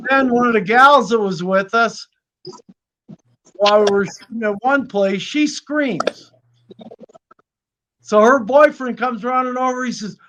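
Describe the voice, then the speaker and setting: A man's voice: sits high, fairly bright tone. A man telling folksy stories in casual chat, swearing freely and acting out the voices of people he quotes. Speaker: snake keeper on live stream.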